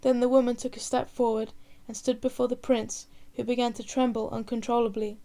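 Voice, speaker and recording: A woman reading a novel aloud in measured storybook narration. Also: fairly high pitch, little pitch movement, dark tone. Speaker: reader.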